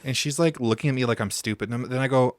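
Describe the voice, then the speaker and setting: A man's voice: medium pitch, very fast, dry recording. A young man talking as a podcast guest, telling stories in a playful, camp, teasing way and laughing often. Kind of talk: casual chat, storytelling.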